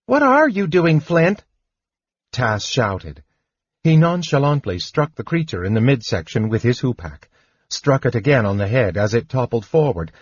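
Slow, husky male audiobook narrator. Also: on the low side, darkish tone, no room sound, muffled recording. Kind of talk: scripted narration.

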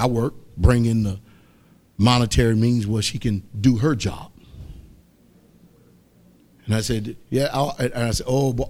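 A man preaching a sermon as pastor, rising to loud exhortation and dropping to soft asides. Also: lowish voice. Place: church.

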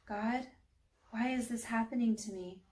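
A woman's voice: fairly high pitch, fairly even intonation, measured pace, darkish tone, a little hiss or hum, natural voice. A woman reading a children's storybook aloud, voicing a devout, sorrowful woman who speaks earnestly and pleadingly.

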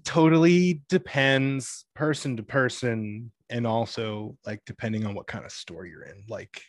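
A man's voice: medium pitch, a little slow, no echo, studio quality. A young man talking in a casual chat, rambling with lots of filler words and free swearing. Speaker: guest.

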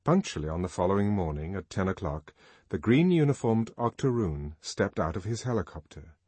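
A man narrating a novel in a measured, expressive audiobook reading. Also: low voice, husky, dry recording. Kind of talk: scripted narration.

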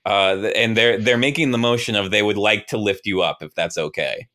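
A man hosting an improvised comedy conversation, spinning playful scenes and yelling in character. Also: fairly low pitch, a little fast. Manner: playful, animated storytelling with sudden yelling. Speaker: improv podcast host.

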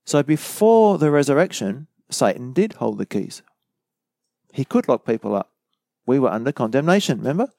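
A man's voice: mid-range voice, very animated, moderate pace, vocal fry, a little mellow, no room sound. A man giving a conversational bible study sermon, explaining verse by verse with casual asides. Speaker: bible teacher.

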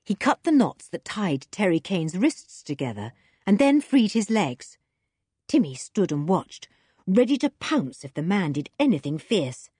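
A woman narrating a children's adventure story in a lively, expressive reading. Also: fairly low pitch, measured pace, slightly rough, dry recording, studio quality. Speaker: audiobook narrator.

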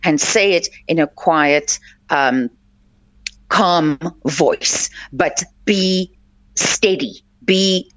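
Speaking very slowly in a low-pitched voice with a fairly bright tone, a life coach hosts her radio show, earnestly advising listeners and repeating points to stress them. There is no echo, and the sound is dull, lo-fi and dry.

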